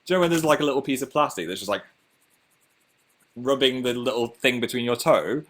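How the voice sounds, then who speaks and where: A man's voice: mid-range voice, fairly quick, long pauses, fairly bright tone. A young man with a Northern English accent, casually chatting on his own livestream and reading out viewer comments in a chatty, self-mocking way. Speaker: livestream host.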